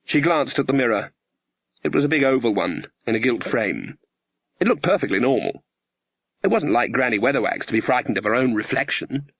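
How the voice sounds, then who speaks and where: Male audiobook narrator, even and measured, mid-pitched, dry muffled recording. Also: vocal fry, slightly rough, no room sound. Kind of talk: scripted narration.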